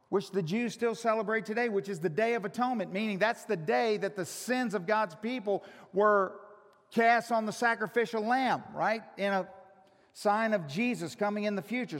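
A male pastor preaching a sermon, teasing his congregation and swinging from loud shouts to hushed, drawn-out emphasis. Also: high-pitched. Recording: long reverb of a large hall.

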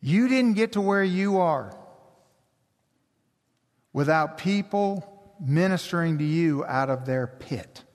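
A man preaching a sermon as pastor, slow and emphatic, building intensity. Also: fairly high pitch, animated. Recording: long hall reverb.

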